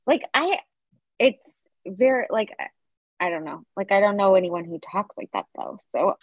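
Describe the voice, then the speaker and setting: A woman's voice: medium pitch, animated, moderate pace, dry recording, dull audio. A woman co-hosting a podcast in casual chat, reacting often and trailing off with fillers while she thinks. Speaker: podcast co-host.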